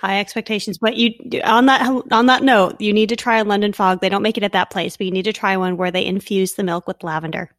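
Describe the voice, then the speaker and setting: A woman's voice: medium pitch, fairly even intonation, fast, few pauses, no room sound. A woman in a mid-range voice chats as a podcast guest. She is playful and laughs easily. Her voice sounds close and dry. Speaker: veterinarian guest. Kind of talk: casual chat.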